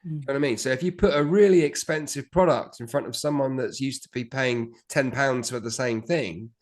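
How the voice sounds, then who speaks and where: A man's voice: mid-range voice, a little fast. A man co-hosting an online business course, talking things through in a conversational way with a few hesitant restarts. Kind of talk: online teaching discussion.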